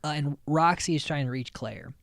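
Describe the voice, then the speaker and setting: A man's voice: a little high, animated, normal speed, gravelly, fairly bright tone, no echo. A man hosting a podcast, recapping episodes in a rambling, chatty way, swearing freely and often restarting his sentences. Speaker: podcast host.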